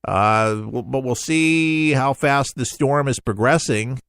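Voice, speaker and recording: Folksy middle-aged male talk host, mid-pitched, dry close sound, rambles and restarts. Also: slow, fairly bright tone, smooth, no echo. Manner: folksy, rambling, self-interrupting. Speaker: radio talk show host. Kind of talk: casual talk radio monologue.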